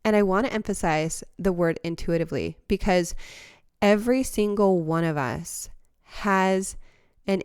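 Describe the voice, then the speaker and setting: A woman hosts a reflective podcast, talking through her thoughts in an earnest, heartfelt way. Her voice is smooth and clear at a medium pitch. She is recorded close on a studio mic in a dry, quiet room. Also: no echo. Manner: earnest and heartfelt, with a few soft laughs and restarts. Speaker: podcast host. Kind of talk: reflective motivational monologue.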